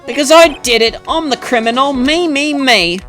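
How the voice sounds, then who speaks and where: A man voicing a high-strung young man in a video game who shrieks and stammers that he is the criminal. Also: normal speed, bright, forceful tone, faint music behind. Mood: shrieking. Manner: shrieking then stammering meekly.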